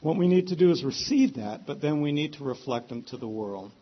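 A man's voice: fairly quick, husky, dull audio. A man preaching a sermon, telling the story and acting out the characters' lines with sudden bursts of emotion. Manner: animated storytelling, voices the characters with sudden rises in pitch.

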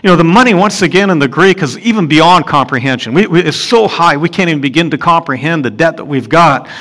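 A man preaching a sermon and explaining scripture, earnest, asking his listeners rhetorical questions and rising in pitch and volume for emphasis. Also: expressive, fast talker, fairly bright tone.

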